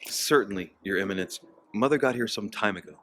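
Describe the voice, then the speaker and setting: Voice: low-pitched, a little fast, a bit bright. An actor voicing a young nobleman in a video game who searches for his missing mother, speaking in polite, formal, period-style lines over faint noise. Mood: earnest.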